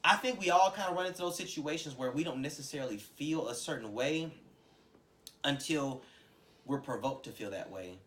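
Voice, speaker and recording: A man's voice: on the high side, moderate pace. A man co-hosting a casual podcast chat, telling stories animatedly and acting out what people say. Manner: animated storyteller acting out quoted voices. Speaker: podcast co-host.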